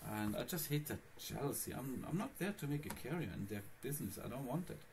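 A fast-talking Linux vlogger with a medium-pitched, slightly mellow voice and lively intonation chats casually in a screencast about his computer setup. He rambles and addresses viewers directly, with a little hiss or hum in the audio.

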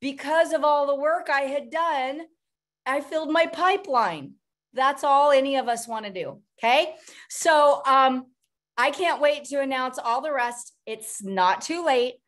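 A middle-aged woman hosting a motivational group coaching call, upbeat and rambling, with quick bursts of speech. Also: high-pitched, fairly bright tone.

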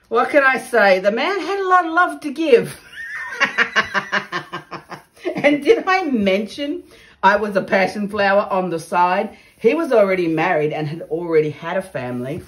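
A woman chatting casually while making art in her studio, exclaiming over her work and sharing personal asides. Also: medium pitch.

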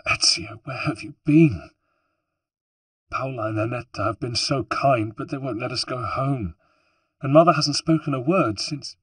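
A man's voice: lowish voice, normal speed, slightly rough, no echo, far from the mic, pitched above the performer's own voice. A man voicing a frightened young woman, a grieving sister, pleading and rising to anguished cries. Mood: anxious.

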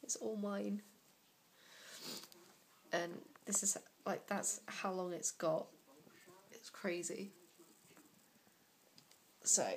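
A young woman talking to camera in a personal vlog, close to tears, halting and full of fillers and sighs. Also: on the low side, steady tone, vocal fry, slight background noise. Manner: slow, hesitant delivery. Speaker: vlogger.

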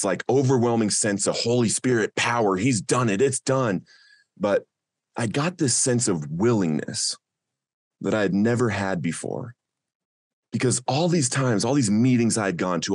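Earnest low-voiced man telling his story. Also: dry recording, clean studio sound. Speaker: podcast guest. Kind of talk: personal recovery story.

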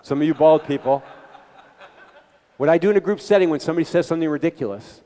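A man's voice: a little high, fast talker, pauses often, mellow. A man giving an earnest, conversational talk to a community gathering, speaking directly to the audience as a guest speaker. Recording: long reverb of a hall.

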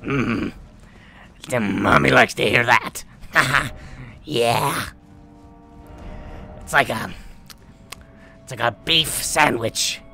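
A man voicing a crude, chain-smoking old grandmother who drawls lewd boasts in a slow, bright tone. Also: medium pitch, creaky, heavily acted. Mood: lewd boasting.

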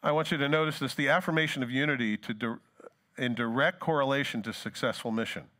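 A male pastor preaching a sermon, reading scripture dramatically and talking to the congregation in casual asides. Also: quick pace. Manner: dramatic scripture reading, rising loud then dropping low.

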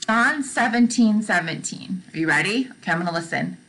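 A young woman teaching a gentle Bible lesson to toddlers, asking questions, repeating them and praising often. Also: medium pitch, animated, a little fast, poor audio. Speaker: children's teacher.

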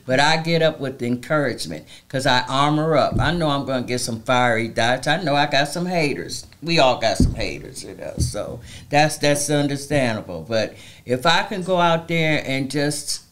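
A woman's voice: extremely low pitch, expressive, normal speed. A middle-aged woman speaking as an interview guest, emphatic and heartfelt with a preacherly cadence. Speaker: community advocate guest. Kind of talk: interview conversation.

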